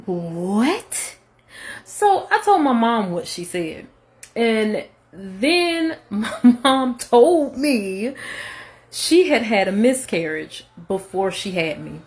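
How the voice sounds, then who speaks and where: A woman's voice: on the high side, very animated, slow. A mother telling a story in a chatty, giggly way. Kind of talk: casual storytelling.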